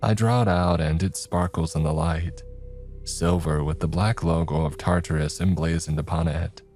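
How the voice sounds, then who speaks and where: A man reading a first-person horror story in a tense, measured way. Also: rumbling low, a little mellow. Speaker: narrator.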